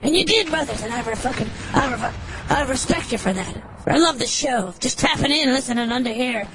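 A crazed foul-mouthed scorpion, very high squeaky voice, noisy phone line, shouty. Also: male voice, lively intonation, a little fast. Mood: gravelly boasting. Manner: profane, manic, shouting, stammering. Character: deranged male scorpion, unhinged war-veteran ranting. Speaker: caller.

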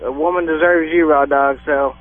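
A man's voice: fairly high pitch, steady tone, moderate pace, narrow, tinny audio, soft background music. A man calling in to a radio show, friendly and encouraging toward the host. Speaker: caller.

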